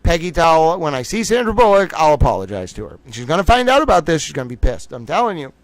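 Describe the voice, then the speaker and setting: Male livestream host, chatty and joking, slightly high voice, dry close sound. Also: fast talker, no room sound. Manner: animated and joking, reading chat aloud. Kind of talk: casual livestream chat commentary.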